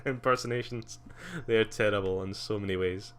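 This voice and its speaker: Young male streamer, lower register, bright tone, loose chatty delivery full of ums. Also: moderate pace, clear, resonant tone. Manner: rambling, many fillers, laughs often. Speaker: live streamer. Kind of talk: casual live-stream chat.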